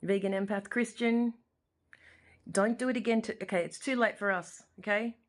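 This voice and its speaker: An Australian vlogger in her forties speaks straight to camera in her living room, giving an emotional personal monologue that's impassioned, rambling and often repetitive. Her voice is medium in pitch and she talks at normal speed.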